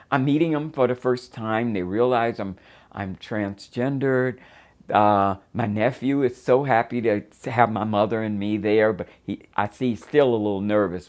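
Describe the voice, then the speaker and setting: An older woman from Florida telling her own life story in a reflective, halting way, pausing often with fillers. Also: very deep voice, darkish tone. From United States (Florida). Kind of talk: first-person documentary storytelling.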